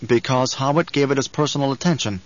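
Guy reading a calm young noble, flat matter-of-fact tone, kinda muffled lo-fi audiobook sound. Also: medium pitch, quick pace, natural voice. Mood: measured. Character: young man, a duke's son, calm and watchful.

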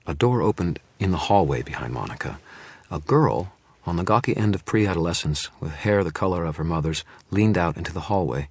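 Very deep, husky male narrator. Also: animated, fairly quick, dry recording. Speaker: audiobook narrator. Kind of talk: first-person audiobook narration.

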